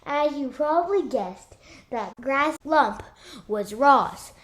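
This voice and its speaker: A woman reading a children's novel aloud, unhurried, raising her voice for the animal characters. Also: sits high, lively intonation. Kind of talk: read-aloud storytelling.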